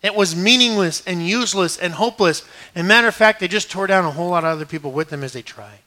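Bright high-pitched male preacher. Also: fast talker. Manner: swings from hushed to emphatic, paraphrases scripture conversationally. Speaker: pastor. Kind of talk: sermon.

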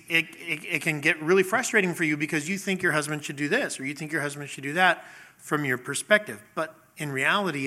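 A middle-aged pastor preaches a sermon conversationally, asking the congregation questions and acting out little scenes. His voice is on the high side, bright and forceful.

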